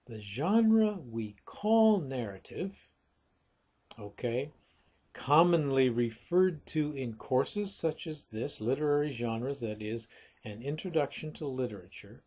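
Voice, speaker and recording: A man teaching literature in a recorded lecture, explaining things deliberately and calling his listeners folks. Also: medium pitch, lively intonation, dark tone, husky.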